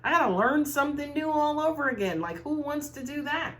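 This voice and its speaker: A woman's voice: high-pitched, expressive, a little fast, fairly bright tone. A woman giving a casual tarot reading to viewers, talking in a chatty way and often tagging her sentences with "right?". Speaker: tarot reader.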